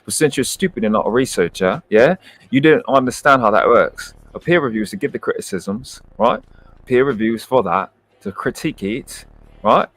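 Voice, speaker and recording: A man's voice: fairly low pitch, husky. A man with a British accent hosting a livestream, giving brash, profane and boastful commentary into a close mic at home. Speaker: livestream host.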